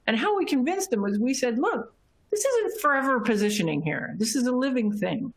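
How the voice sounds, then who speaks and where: A middle-aged woman giving a conference keynote, telling a business story in a lively way, laughing often and acting out the people she quotes. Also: sits high, a little fast. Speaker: keynote speaker.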